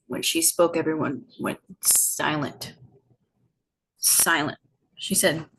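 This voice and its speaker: A woman guest on a podcast, telling a personal story in a reflective, unhurried way with many fillers. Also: on the low side, slight background noise. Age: adult, older than her teen years. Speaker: podcast guest, healing facilitator. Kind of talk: personal storytelling in casual conversation.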